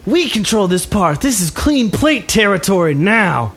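A swaggering young thug who runs his turf and sneers at trespassers, pitched high and pushed loud, as a game master puts him on. He talks in brash, broken street slang with open menace in a tabletop game. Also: very animated, a little slow, a little hiss or hum, full character voice. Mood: menacing. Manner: brash, mocking street talk. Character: cocky young male gang leader, threatening.

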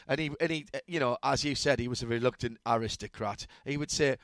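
A man's voice: fairly high pitch, expressive, brisk, a bit bright, no room sound. A man hosting a motorsport radio show, telling stories in a rambling, chatty way with many restarts. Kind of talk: casual chat.

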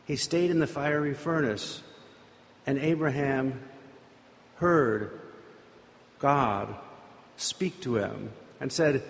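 A man retells a scripture story from the pulpit in a loose, conversational way, wandering into asides and filler words. His voice sits at an ordinary pitch and rings out with a long reverb from the hall around him. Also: slow, vocal fry, long pauses. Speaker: preacher. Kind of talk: informal sermon storytelling.

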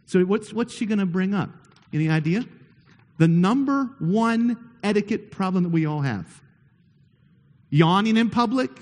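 High-voiced pastor in a reverberant hall. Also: male voice, expressive, moderate pace, pauses often, a little mellow. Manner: playful, conversational, asks the congregation questions. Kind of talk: sermon. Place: church sanctuary.

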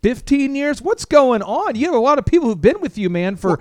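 A man hosting a talk radio show, enthusiastic and joking in quick banter. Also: extremely high pitch, sing-song, a little mellow, dry recording, studio quality. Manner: enthusiastic, joking, rapid back-and-forth. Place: radio studio. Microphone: studio microphone.

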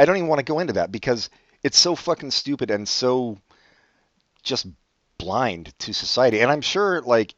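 A man with a lowish voice co-hosts a casual podcast, wry and loose, swearing freely and restarting sentences as he goes. The sound is dry and close, a little dull in the top end. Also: no echo. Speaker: podcast co-host.

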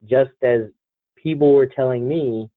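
A young New Jersey man with a New Jersey accent co-hosts a casual podcast, rambling through stories and quoting people in mock back-and-forth dialogue. His mid-range voice moves at a measured pace, with no room sound, over a dry, tinny, phone-like line.

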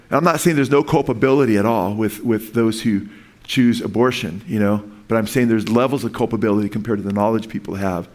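A man's voice: fairly low pitch, a little mellow. A man preaching a sermon in an earnest, rambling way, with frequent restarts and asides to his listeners. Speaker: pastor.

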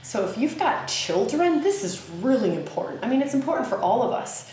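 A woman with a Southern US accent hosting a podcast, teaching in a casual, animated way with many fillers. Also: on the high side, a little fast, a little hiss or hum. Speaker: podcast host. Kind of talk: casual spoken teaching monologue. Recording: very echoey room with faint ambience.

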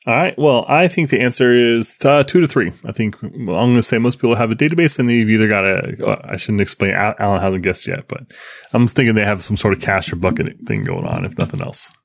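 A man co-hosting a tech podcast, talking in a rambling, enthusiastic, halting way. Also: lowish voice, very animated, gravelly, no room sound. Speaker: podcast co-host. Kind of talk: casual chat.

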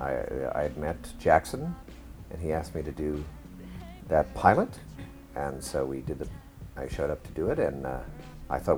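Very low-voiced man telling stories. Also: moderate pace, soft background music. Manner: relaxed storyteller, trailing restarts. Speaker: guest. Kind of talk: podcast interview.

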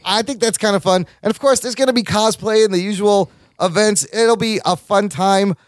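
Male podcast host, high and dry-voiced, excitable and chatty. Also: moderate pace, dry recording. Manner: excitable, laughs often, reads listener mail aloud. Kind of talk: casual podcast chat.

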